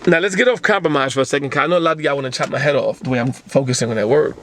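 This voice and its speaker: A man's voice: mid-range voice, racing, a bit bright, a little hiss or hum. A man hosting a motivational talk show, lecturing in blunt, profane casual speech full of rhetorical questions.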